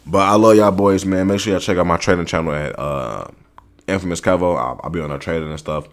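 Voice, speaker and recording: Young adult male reaction host, low-pitched, casual slang, excitable commentary. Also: quick pace. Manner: excitable, slangy, talks straight at viewers and the video.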